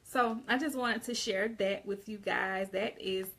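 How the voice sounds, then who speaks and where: A woman's voice: medium pitch, fairly even intonation, a little slow, fairly bright tone. A woman from the Southern United States with a Southern accent, giving a casual, conversational online grammar lesson and often restarting her phrases. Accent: Southern American. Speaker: English teacher.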